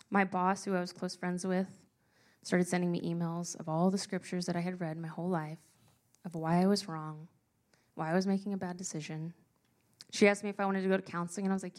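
A young woman telling a personal story to a live audience, earnest and emotional, slowing down for emphasis. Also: lowish voice, a little mellow. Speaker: speaker sharing a personal story.

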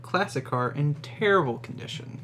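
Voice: medium pitch, expressive, moderate pace, a bit bright, slight background noise. A player in a tabletop role-playing game who laughs often.

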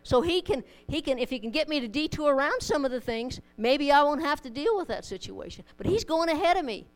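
A woman's voice: high-pitched, expressive, a little fast, poor audio. A woman preaching a sermon to a congregation, conversational and plainspoken, mixing scripture with homely stories and light humor. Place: church in front of a congregation.

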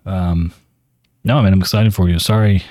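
A man's voice: sits low, fairly even intonation, moderate pace, a little mellow, no room sound. A man holding a breezy, self-important one-sided phone call, talking with frequent ums and restarts. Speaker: podcast host doing a comedy phone skit.

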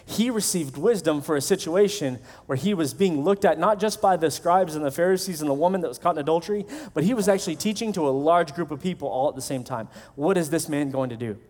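A man's voice: fairly high pitch, quick pace, few pauses, darkish tone. A male pastor preaching a sermon in a conversational way, acting out the voices of the people he quotes.

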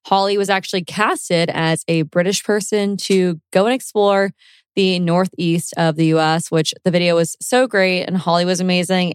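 A woman's voice: on the low side, smooth, no room sound. Woman podcast co-host, upbeat and casual, dry close sound. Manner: upbeat, reads listener notes.

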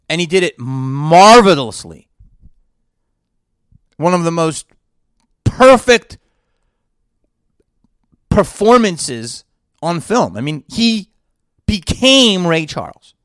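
A man hosts his podcast in a heated, sarcastic rant, firing off one rhetorical question after another. His voice sits a little high for a man, and the sound is dry and close, with no room echo. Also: very animated, slow, pauses often, fairly bright tone. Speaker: podcast host and actor. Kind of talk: ranting podcast monologue.

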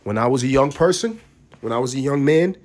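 A man's voice: medium pitch, lively intonation, fairly quick. Profane young New man rambling. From New York, USA. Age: young adult. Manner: profane, rambling, swings between loud and mumbled. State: getting over the flu. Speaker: podcast host. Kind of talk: casual monologue.

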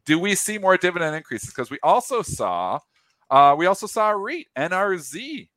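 A man co-hosting a market show who chats about trades in a lively, swinging voice. He talks in trader jargon. The sound is dry and close. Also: high-pitched, moderate pace, no room sound. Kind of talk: casual trading chat.

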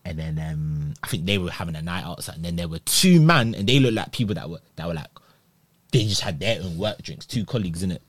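Animated young man telling a story. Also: brisk, no room sound. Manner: animated, acts out others' voices, shifts pitch high when excited. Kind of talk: casual storytelling chat.

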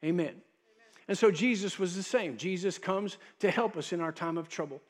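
A man's voice: sits high, moderate pace. A male pastor preaching a sermon, emphatic and repeating words for stress.

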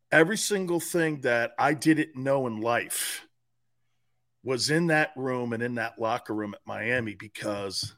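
A middle-aged man co-hosting a sports talk show, telling stories in a loose, profane way and often breaking into laughter. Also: mid-range voice. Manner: profane, laughing, animated retelling. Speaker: sports radio co-host. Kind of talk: casual storytelling chat.

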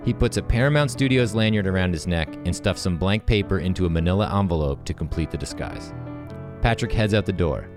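A man hosting, reading screenplay-style scene directions in a brisk, matter-of-fact way. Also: sits low, over music. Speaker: host.

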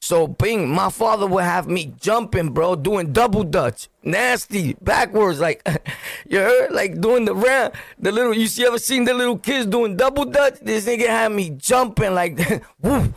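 A man's voice: high-pitched, moderate pace, gravelly, no room sound, clean studio sound. A man with a Brooklyn accent telling a story on his podcast, laughing and throwing in sound effects and street slang. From Brooklyn, New York. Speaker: podcast host. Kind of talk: casual storytelling.

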